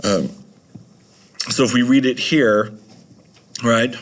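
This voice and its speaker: A man's voice: mid-range voice, steady tone, takes it slowly, pauses often. A man teaching a recorded video lesson, chatty and rambling with many fillers.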